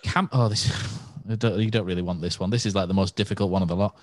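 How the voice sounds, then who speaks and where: A man hosting a quiz on a casual podcast, reading questions briskly and teasing the players. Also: low voice, steady tone, darkish tone, no room sound, studio quality. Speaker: quizmaster, podcast host.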